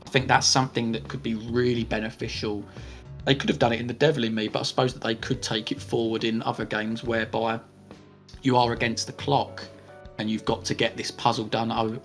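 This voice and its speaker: A man co-hosting a podcast, answering listener questions in a measured, hedging way as he thinks aloud. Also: mid-range voice, little pitch movement, fairly bright tone, faint music behind. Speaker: podcast co-host. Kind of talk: casual Q&A chat.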